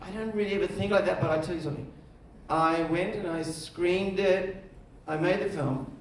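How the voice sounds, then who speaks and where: Animated storytelling man on stage. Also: high voice, normal speed, a little hiss or hum. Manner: animated storyteller, acts out other voices. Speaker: film director, festival jury head. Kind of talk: on-stage conversation, anecdotal storytelling. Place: festival stage before an audience. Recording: echoey room, mic at a distance.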